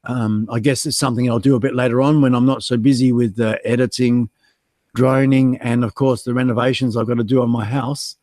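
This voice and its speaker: A man's voice: medium pitch, steady tone, fairly quick, a little mellow, no room sound. Chatty Australian man, dry close sound. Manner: chatty, self-mocking, reads chat aloud with many ums. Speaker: livestream guest host. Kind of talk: casual livestream chat.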